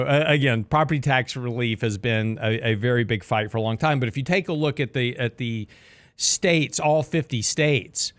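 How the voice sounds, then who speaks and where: On a studio mic with no echo, a man with a medium-pitched, slightly bright voice hosts a finance talk show. He explains the markets in a chatty radio-commentary style, dropping in joking asides.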